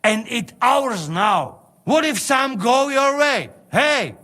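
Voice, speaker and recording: A man's voice: very high voice, big pitch swings, slow pace, sharp tone, exaggerated voice. An actor playing a blunt male mercenary with a Slovak accent, speaking broken English in a game cutscene.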